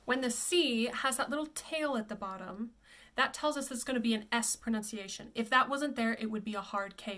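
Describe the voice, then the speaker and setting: A woman voice coach giving a pronunciation lesson. She demonstrates each word slowly and then repeats it. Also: fairly high pitch, a bit bright.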